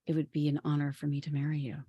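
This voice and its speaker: A woman's voice: low voice, monotone, rapid-fire, mellow, breathy edge, lo-fi sound. A woman voicing an earnest, courtly young knight who speaks solemnly, inside a told story.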